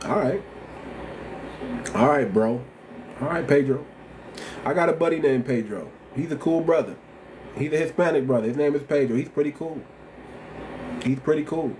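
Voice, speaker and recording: A man's voice: mid-range voice, a little hiss or hum. A man with a slight lisp hosting a livestream, talking bluntly and repeating himself in casual slang. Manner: blunt, repetitive, animated slang-heavy talk. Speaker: livestream host.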